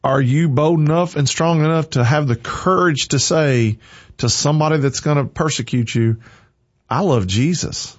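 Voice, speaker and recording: Male preacher, husky voice, punchy repetitive sermon delivery, muffled lo-fi sound. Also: fairly high pitch, normal speed. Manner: forceful, emphatic, repeating lines for stress.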